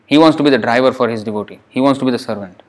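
A man with a mid-range, somewhat dark voice reads a scripture passage aloud at a very fast clip, then explains it as a lecture. The scripture teacher is emphatic, asking forceful rhetorical questions, chuckling, and filling his talk with "you know" and frequent restarts.

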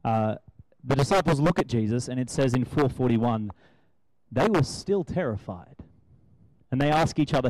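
A man's voice: mid-range voice, expressive, normal speed, long pauses, a little mellow, dry recording, low-quality recording. A young man giving a conversational sermon, asking his listeners rhetorical questions. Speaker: preacher.

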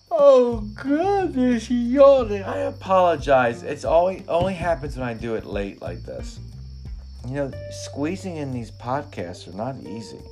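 A man with a lowish voice talks through a late-night podcast in a loose, meandering way. He sounds worn out and a bit tipsy, often breaking off mid-thought and swearing freely. Faint music plays under his voice. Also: warm tone. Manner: rambling, profane, self-interrupting. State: tired, yawning, slightly drunk. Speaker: podcast host.

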